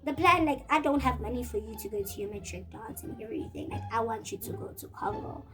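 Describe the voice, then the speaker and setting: Stern mother as a young woman quotes her, firm, matter-of-fact, slow and deliberate. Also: a little high, expressive, pushed and bright, faint music behind, voice pushed up. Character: stern middle-aged mother, firm and dismissive.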